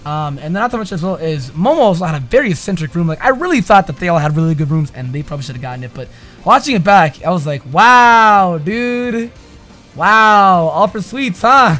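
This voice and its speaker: A young man chats through an anime episode review in a casual, slangy way. His voice sits high, and he jumps from loud, excited outbursts to quiet mumbles. Faint music plays underneath. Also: racing.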